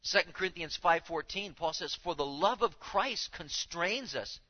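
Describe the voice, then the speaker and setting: A man preaching a sermon to his congregation, speaking with animated emphasis and now and then acting out the voices he quotes. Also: fairly high pitch, moderate pace, muffled recording. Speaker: pastor.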